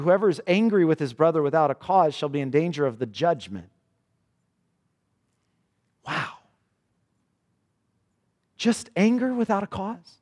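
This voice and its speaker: A man preaching a sermon in earnest. His pitch rises for questions and drops low and slow for solemn passages. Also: a little mellow. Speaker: pastor. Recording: long reverb of a church hall.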